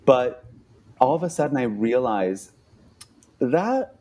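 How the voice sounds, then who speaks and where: A man telling a story as a podcast guest, animated, with lots of "like" and acted-out quotes. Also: medium pitch, takes it slowly. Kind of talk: casual storytelling.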